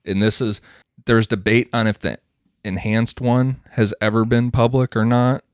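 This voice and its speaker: A man co-hosting a casual true-crime podcast, reading quoted reports aloud in a measured, steady way. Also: medium pitch, no room sound, clean studio sound. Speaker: podcast co-host.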